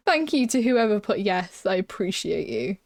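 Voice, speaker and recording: A woman's voice: medium pitch, no room sound. Giggly woman streaming, dry close mic. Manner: chatty, giggly, often drops to a hushed whisper. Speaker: game streamer. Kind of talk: casual live-stream chat. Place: small room at home.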